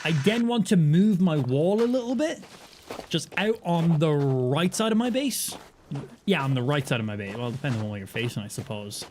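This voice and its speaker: A man's voice: on the high side, lively intonation, moderate pace, a little mellow, slight background noise. An Irish man chatting casually and cursing freely while he streams gameplay and jokes around. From Ireland. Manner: chatty, profane, joking.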